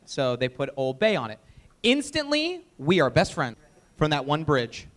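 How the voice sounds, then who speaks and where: A man presenting a live sales training workshop, energetic and emphatic, often quizzing the audience. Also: a little high, normal speed.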